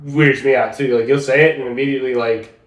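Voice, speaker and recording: A man's voice: medium pitch, fairly even intonation, fast talker, roomy sound. A man with a Texan accent co-hosting a podcast in casual chat, laughing often and restarting his sentences. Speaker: podcast co-host.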